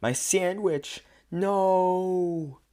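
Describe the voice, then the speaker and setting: A man reading aloud, voicing an adult male rock singer who yells in outrage. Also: high voice, drawn-out words, voice pushed up. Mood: anguished. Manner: yelling, stumbling reading.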